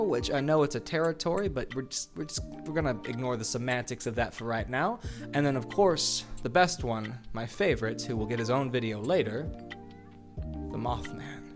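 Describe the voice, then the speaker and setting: A man hosting his own video channel, giving a casual, playful explainer full of jokey asides. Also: mid-range voice. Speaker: YouTube host. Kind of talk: casual explainer with a felt board.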